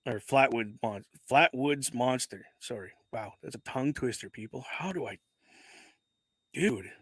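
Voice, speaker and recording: A man's voice: mid-range voice, lively intonation, measured pace, a bit bright, breathy edge, no room sound. A man hosting a casual livestream, chatting as he unboxes, rambling, correcting himself and swearing casually into a desk microphone. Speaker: livestream host.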